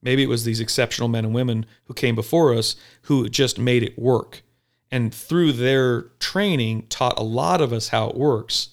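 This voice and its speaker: A police officer talking bluntly and profanely in a casual podcast chat, telling animated stories. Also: male voice, mid-range voice, moderate pace. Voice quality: gravelly.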